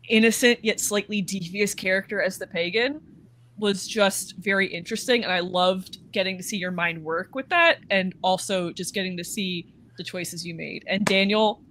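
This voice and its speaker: A woman player warmly praising fellow players in casual, effusive chat with casual swearing. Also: medium pitch. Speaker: tabletop game player.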